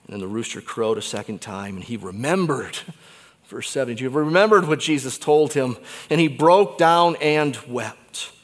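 A man preaching a sermon in a church, conversational and animated, swinging between quiet and loud. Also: medium pitch, normal speed, in a large hall. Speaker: pastor.

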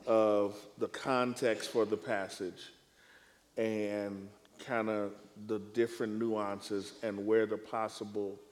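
A male preacher speaking in a panel discussion on preaching, with a measured, emphatic, deliberate way of phrasing. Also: on the low side, long reverb tail.

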